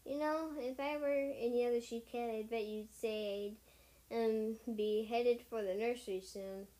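A woman voicing a kind, knowing she-cat healer in a storybook reading, speaking gently. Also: on the high side, fairly even intonation, a little slow, lightly acted.

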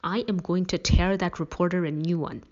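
A woman reading the part of a composed mother speaking in a low, murderous tone. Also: steady tone, brisk, a little mellow, dull audio, natural voice. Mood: cold. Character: composed mother, coldly furious.

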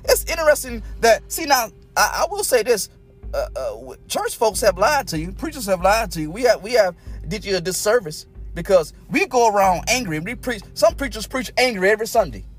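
A man preaching a sermon, folksy and repetitive, swinging from loud exhortation to low, close talk. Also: sing-song, fairly quick, breathy edge, faint music behind. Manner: folksy, repeats phrases, speaks in tongues.

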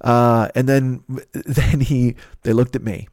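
A man's voice: medium pitch, slow, no echo, studio quality. Profane man telling a rant. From Chicago area, USA. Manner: profane, ranting, animated impressions of friends. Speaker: podcast host. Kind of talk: casual storytelling.

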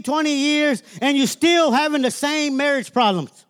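A man's voice: very high voice, moderate pace, a bit bright. A man preaching a sermon as minister, emphatic and colloquial, often calling out "Amen?" to the congregation.

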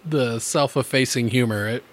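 A man's voice: medium pitch, normal speed. A man co-hosting a podcast, chatting in an easygoing way, laughing often and swearing casually. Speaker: podcast co-host.

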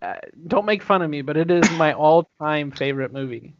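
A young man chatting casually on a podcast, animated and swearing, laughing as he tells his stories. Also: fairly high pitch, fairly quick, no room sound. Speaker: podcast guest. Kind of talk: casual chat. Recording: dull lo-fi sound.

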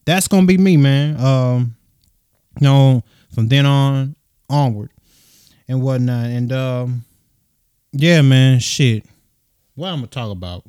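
A young man hosting his own casual solo podcast, talking softly and rambling with slang, swearing and lots of fillers, recorded on a USB microphone into his phone. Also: takes it slowly, pauses often, clear, resonant tone, no echo, studio quality. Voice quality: soft, low-key voice. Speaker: podcast host.

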